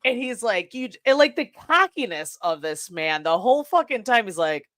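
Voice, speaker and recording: A woman's voice: a little high, very animated, moderate pace, few pauses, a bit bright, no room sound, studio quality. A woman co-hosting a podcast, retelling a movie plot in casual, profane chat and laughing often. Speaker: podcast co-host.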